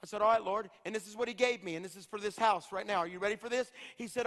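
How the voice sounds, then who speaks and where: A man's voice: high-pitched, very fast, hardly any pauses, fairly bright tone. A middle-aged man, an evangelist, preaching a revival sermon with impassioned, rhythmic repetition. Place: large church hall. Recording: long hall reverb.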